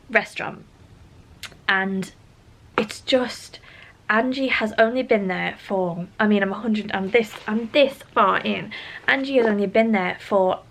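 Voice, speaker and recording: A middle-aged British book vlogger from the UK reviews a book in a casual, candid chat, sounding exasperated. Her voice is medium-pitched and fairly bright, and the phone-camera recording has slight background noise.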